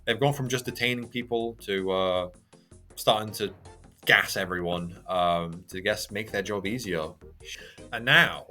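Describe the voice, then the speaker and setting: A man's voice: on the low side, measured pace, pushed and bright, faint music behind. Chatty man reacting to a manga. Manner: chatty, hesitant with many fillers. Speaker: reaction channel host. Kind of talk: reading a manga aloud with commentary.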